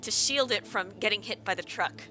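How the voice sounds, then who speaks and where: A woman's voice: medium pitch, fairly quick, sharp tone. A woman, a tabletop game player, casually describing her character's actions and correcting herself as she goes. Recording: music playing behind. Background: music.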